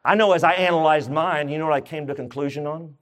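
A man's voice: on the high side, fast talker, fairly bright tone. A man preaching a sermon, asking his congregation questions and joking as he goes. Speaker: pastor. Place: church.

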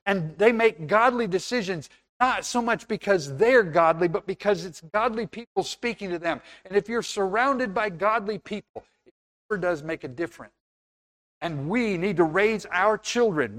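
A man preaching a sermon in an earnest, conversational way, now and then acting out little scenes. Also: sits high.

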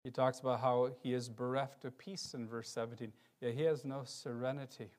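A man preaching a sermon, reading scripture aloud and swinging between loud emphasis and quiet, low passages. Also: level tone, brisk. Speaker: pastor.

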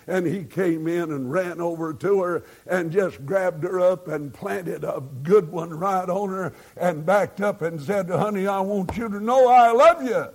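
A man's voice: on the high side, darkish tone. A man preaching a sermon, telling folksy stories and building to fervent emphasis.

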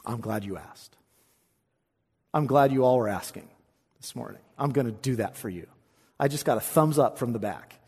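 A pastor preaching an expository sermon in a church, swinging between emphatic lines and hushed asides and asking rhetorical questions. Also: male voice, medium pitch, normal speed, pauses often, slightly rough, in a large hall. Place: church sanctuary.

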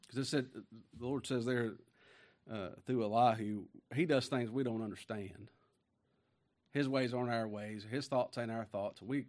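A man preaching a sermon in a folksy, conversational way. He swings from quiet asides to booming emphasis, reads scripture slowly and weightily, and chuckles between points.

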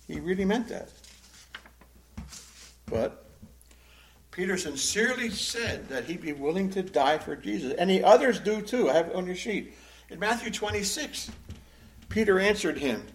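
Man, Bible study teacher: animated, conversational, fairly high voice. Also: measured pace, pauses often. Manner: animated, acts out quotes.

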